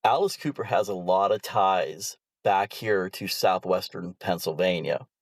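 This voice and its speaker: A man's voice: low voice, a little slow, creaky, a little hiss or hum. A man hosting a podcast interview, reacting briefly and asking loose, rambling questions. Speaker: podcast host. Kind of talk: casual interview.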